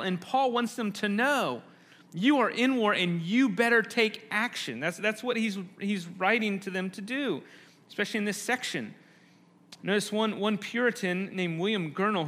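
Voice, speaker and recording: A man's voice: high-pitched, sharp tone. A man preaching a conversational sermon, often restarting phrases, and acting out quoted lines with rising intensity. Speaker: pastor.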